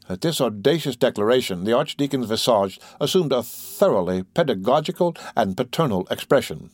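A man's voice: mid-range voice, lively intonation, brisk, hardly any pauses, no echo, studio quality. Man narrating a classic novel. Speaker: audiobook reader.

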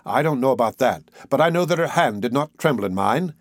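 A man reading a classic novel aloud in a measured, expressive way. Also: medium pitch, no room sound, clean studio sound. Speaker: audiobook narrator. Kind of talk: scripted narration of a classic novel.

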